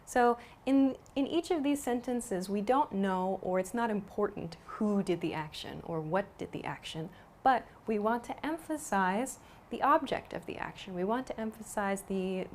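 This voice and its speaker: A woman gives a grammar lesson in a clear, patient teaching voice. She repeats each example sentence and explains it step by step. Her pitch sits in the ordinary middle range. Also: normal speed, a little hiss or hum. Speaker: English teacher.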